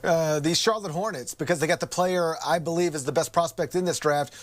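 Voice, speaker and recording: A man's voice: fairly high pitch, a little fast. A man giving confident, assertive basketball analysis. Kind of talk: sports analysis.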